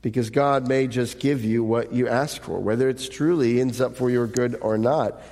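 A man's voice: mid-range voice, steady tone, moderate pace, creaky, a little mellow. A male pastor preaches a sermon in an earnest way. He reads scripture aloud and poses rhetorical questions to the congregation. His voice rings out with a long hall reverb.

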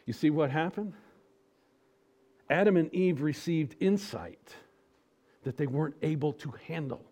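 A man preaching a sermon, animated and full of rhetorical questions, swinging from loud emphasis to soft, slow appeals. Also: a little high.

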